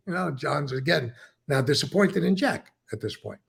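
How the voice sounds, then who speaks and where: In a conversational interview, an ex-mob member from New York, now older, spins stories and plays out what others told him. His voice runs on the high side with lively intonation and normal speed, and it's gravelly and full of profanity.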